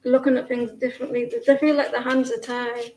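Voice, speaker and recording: Woman doing tarot readings on a live stream, kinda high voice, rambly and chatty, room echo. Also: flat delivery, a little fast, a little mellow, a little hiss or hum. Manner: rambling, chatty, self-interrupting. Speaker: tarot reader. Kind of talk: casual livestream reading.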